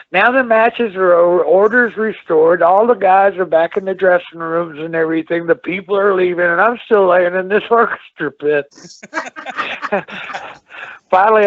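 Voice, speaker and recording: A middle-aged man tells rambling, animated stories from a phone call. The line is tinny and dry, with nothing heard around him. His voice sits fairly high for a man. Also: no room sound. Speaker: guest, former wrestler. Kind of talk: storytelling interview.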